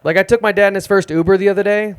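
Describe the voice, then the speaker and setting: A young man doing a self-deprecating, deadpan stand-up set at an open mic in a small music club. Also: high voice, racing, smooth. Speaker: stand-up comedian.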